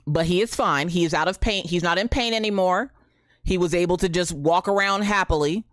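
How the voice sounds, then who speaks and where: A woman's voice: fairly low pitch, brisk, no echo, studio quality. A woman in her thirties chatting casually on a live stream, greeting viewers by name and telling a story. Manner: animated, greets chat by name, Southern "y'all".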